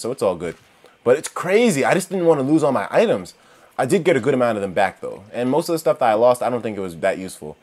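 A man narrating a game run in a lively voice that leaps up and down in pitch. He swears freely, shouts at the monsters on screen, and keeps turning to his viewers to chat about what just happened. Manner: talks straight to viewers. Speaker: gaming commentator. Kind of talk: let's-play commentary.

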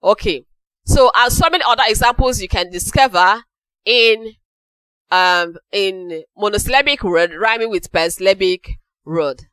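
A woman teaches a class with a bright, forceful, crisp voice that sits a little high. She goes over key phrases again, slowing them down so they sink in. The sound is dry and close. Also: no echo, poor audio. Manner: repeats key phrases slowly for emphasis. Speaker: English teacher. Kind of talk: classroom lecture.

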